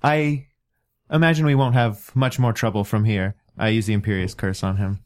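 A man voicing a polite young British wizard in a smooth, courteous manner. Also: lowish voice, steady tone, normal speed, voice pushed down, lightly acted.

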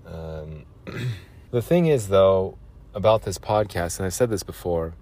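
Low-voiced guy ranting on his podcast, sarcastic, rambles and trails off. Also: expressive, slow pace, dark tone. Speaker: podcast host. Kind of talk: rambling solo podcast monologue.

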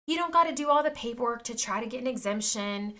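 A woman's voice: fairly high pitch, lively intonation, fast, bright, forceful tone. A woman in her thirties talking straight to her viewers in a personal vlog, emphatic and indignant, often calling them "you guys". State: near tears at times. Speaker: vlogger.

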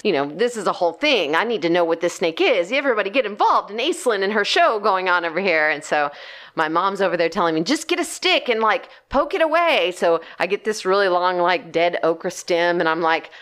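Lively woman telling a story, lowish voice. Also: brisk. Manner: animated storytelling, often acting out her own reactions. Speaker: podcast co-host and gardener. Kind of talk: casual chat.

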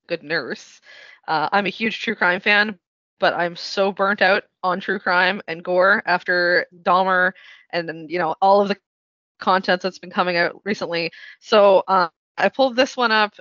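A woman's voice: fairly low pitch, sharp tone, no echo, highs cut off. A woman guesting on a podcast in casual chat, chatty and laughing as she talks. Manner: chatty, laughs while talking.

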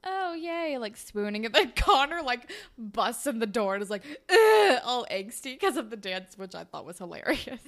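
A young woman co-hosting a podcast, recapping a show in casual chat, animated and swearing, popping into quick high voices for characters. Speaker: podcast co-host.

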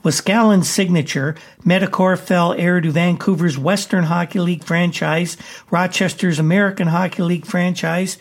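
A man delivering a sports news report in a brisk, matter-of-fact way, with the odd "uh". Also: fairly high pitch.

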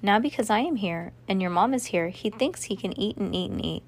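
A woman reading aloud and voicing a kind young girl prisoner who speaks French, talking softly and a little formally. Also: medium pitch, normal speed, slight background noise, lightly acted. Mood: gentle. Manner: soft, kind, slightly formal.

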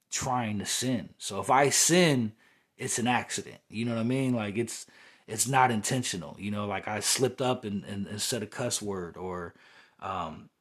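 A young man hosting a podcast, talking through a heated, rambling spiritual monologue that often circles back to "you know what I'm saying". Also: fairly low pitch. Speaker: podcast host.

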